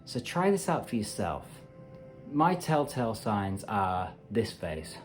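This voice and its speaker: A man's voice: lowish voice, big pitch swings, slow, faint music behind. A man hosting a meditation channel, talking casually and animatedly to camera with playful asides. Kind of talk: casual self-help talk to camera.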